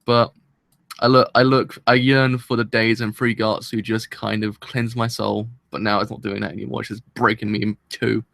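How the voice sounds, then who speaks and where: A man's voice: fairly low pitch, level tone, moderate pace, creaky, a bit bright, dry recording, clean studio sound. Rambling man hosting a live reaction. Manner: rambling, chatty, self-deprecating, laughs often. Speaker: anime reaction host.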